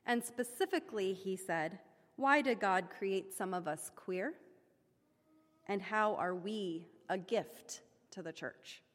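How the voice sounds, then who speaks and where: A woman's voice: medium pitch, slow. A woman giving an informal sermon-style report to her congregation, chatty and self-deprecating, with many fillers and restarts. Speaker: church member reporting back to her congregation. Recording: long hall reverb.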